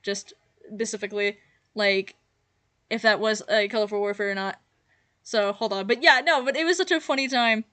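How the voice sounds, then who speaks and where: A woman's voice: medium pitch, normal speed, long pauses, bright, forceful tone. A young woman giving casual reaction commentary, giggly and rambling with lots of fillers. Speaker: YouTuber reacting to her old videos.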